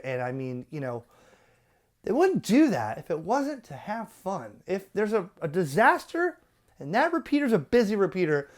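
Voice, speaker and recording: A man hosting a ham radio channel, ranting with exasperation and the odd curse. His pitch swings widely as he gets worked up. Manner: animated, profane, exasperated. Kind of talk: ranting commentary.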